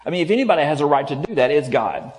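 A man's voice: a little high, animated, racing, a little mellow, a little hiss or hum. Male pastor, conversational sermon, voices the characters he quotes, reverberant church sound. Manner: conversational, acts out quotes with shifting tone. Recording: long hall reverb.

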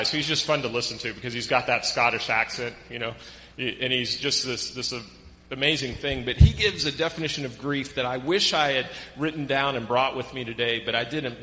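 Preaching man in a reverberant hall. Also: on the high side. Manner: animated, reads scripture aloud with emphasis. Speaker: pastor. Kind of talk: sermon.

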